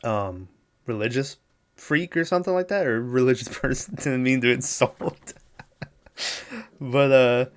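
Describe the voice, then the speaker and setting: Unhurried and clear, with a resonant mid-range tone and frequent pauses, a man hosts a solo podcast recapping a film. He wanders through the plot in a profane, casual way, voicing the characters' lines himself.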